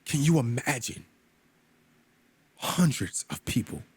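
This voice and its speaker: A man's voice: animated, takes it slowly, breathy edge, no echo. A man leading a Bible study, reading scripture and commenting on it in an emphatic, preacherly way, with casual asides to his listeners. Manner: emphatic, preacherly, pitch climbing on stressed words.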